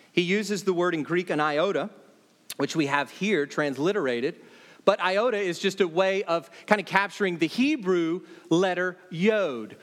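Male pastor, high voice, emphatic sermon delivery, reverberant hall. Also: fairly bright tone. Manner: emphatic, repeats key phrases, voice dropping low on points. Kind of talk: expository sermon.

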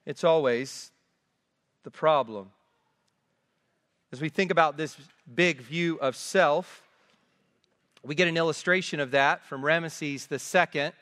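A man's voice: a little high, unhurried, long pauses, fairly bright tone. A man preaching a sermon in a church, emphatic and repeating key phrases for weight. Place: church sanctuary. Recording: long reverb of a large hall.

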